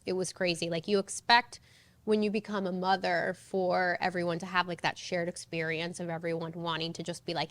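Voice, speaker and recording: Chatty woman psychologist, lowish voice. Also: a bit bright. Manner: chatty, advising, many "like" fillers. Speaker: psychologist guest. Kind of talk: casual podcast conversation.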